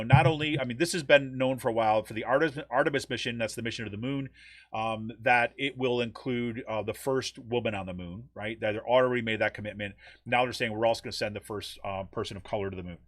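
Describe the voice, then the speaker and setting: A man's voice: mid-range voice, a bit bright, no echo. An American man co-hosting a podcast, chatting casually about news with lots of ums and restarts. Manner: rambling, many ums and restarts. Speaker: podcast co-host.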